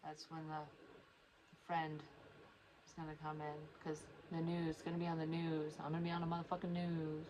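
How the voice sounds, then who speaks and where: Low, flat-voiced woman rambling bluntly. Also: moderate pace, noisy background. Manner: rambling, blunt and heavily profane; emotional, near tears at times. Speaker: psychic medium vlogger. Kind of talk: casual monologue to camera.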